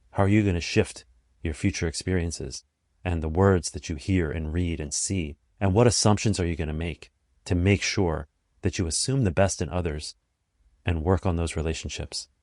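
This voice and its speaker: A man with a very low voice delivers a motivational podcast monologue as its host. He speaks deliberately and with emphasis, leaning on repeated phrases to drive each point home. The sound is close and dry. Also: a little mellow, dry recording.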